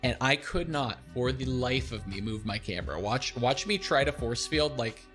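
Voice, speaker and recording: A young man streaming, casually talking through a replay of his own game, animated and self-deprecating, laughing often. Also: medium pitch, moderate pace, faint music behind.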